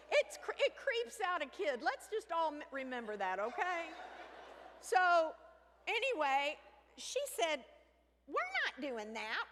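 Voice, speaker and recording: A woman telling a comic story on stage, animated, with sudden shrieks and hushed asides. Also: very high-pitched, measured pace. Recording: reverberant hall with faint ambience.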